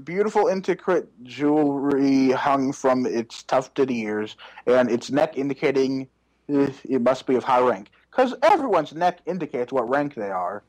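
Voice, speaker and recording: A man's voice: medium pitch, lively intonation, measured pace, darkish tone, dry recording, poor audio. A man doing a comedic reading of fanfiction aloud, with sarcastic interjections. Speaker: fanfiction reader.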